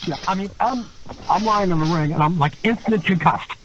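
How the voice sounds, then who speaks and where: A man guesting on a podcast, telling a story with animated delivery, acting out what others said and laughing along. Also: sits high, fairly quick. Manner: animated storyteller who acts out quotes and laughs. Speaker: guest, former wrestler. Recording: dull lo-fi sound with faint noise.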